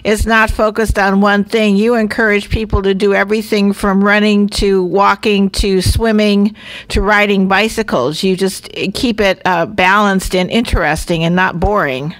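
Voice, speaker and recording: A woman's voice: mid-range voice, steady tone, moderate pace, low-quality recording. A woman co-hosting a radio interview, speaking in an upbeat, encouraging way. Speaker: radio co-host.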